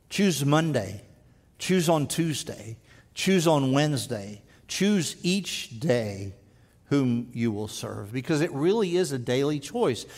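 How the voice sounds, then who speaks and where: A man preaching a sermon in earnest, stumbling over restarts and dropping to a slow, quiet voice for emphasis. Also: mid-range voice. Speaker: pastor. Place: church sanctuary. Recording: long hall reverb.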